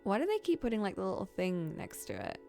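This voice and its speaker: A woman's voice: mid-range voice, huge pitch swings, quick pace, creaky, warm tone, faint music behind. A woman chatting casually while playing a story game, trailing off and correcting herself. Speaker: streamer.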